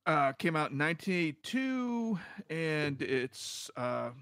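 A podcast co-host, a man, chats in a laid-back, self-deprecating way and pauses on fillers. His voice is a little high. The sound is dry and close, with no room echo. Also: sing-song, sharp tone, smooth. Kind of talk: casual chat.

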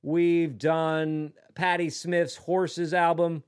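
A man co-hosting a podcast in casual chat, jokey and quick to slip into silly voices. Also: on the high side, very animated. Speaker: podcast co-host.

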